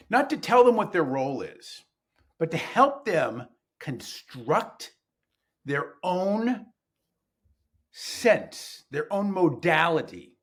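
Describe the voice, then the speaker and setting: Male guest, teacher trainer; conversational storyteller who acts out dialogue, husky tone, pitch on the high side. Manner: animated, acts out dialogue in changing voices. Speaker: teacher educator, podcast guest.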